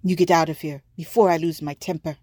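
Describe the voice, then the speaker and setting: A woman's voice: deep voice, steady tone, a little fast, darkish tone, no room sound. A woman doing a sneering bully of a merchant. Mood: scornful. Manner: scornful, threatening. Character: contemptuous bullying male market merchant.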